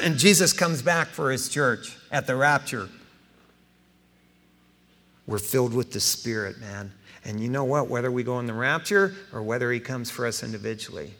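Man in his fifties, pastor, folksy sermon, gravelly, long hall reverb. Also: mid-range voice, moderate pace. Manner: folksy, animated storytelling, acts out dialogue.

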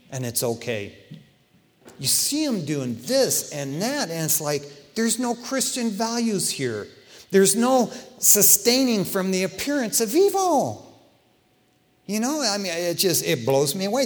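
A middle-aged man preaching a sermon as pastor, conversational and impassioned, swinging between loud outbursts and hushed asides. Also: high-pitched. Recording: long hall reverb.

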